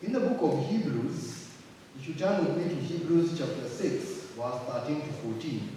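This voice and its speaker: A man preaching a sermon, slow and emphatic, repeating phrases for weight. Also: fairly high pitch, animated, dark tone, slight background noise. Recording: distant mic in an echoey hall.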